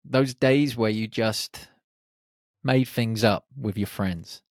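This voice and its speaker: A man hosting a reflective solo podcast, speaking in short, unhurried phrases. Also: on the low side, dry recording, studio quality. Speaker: podcast host.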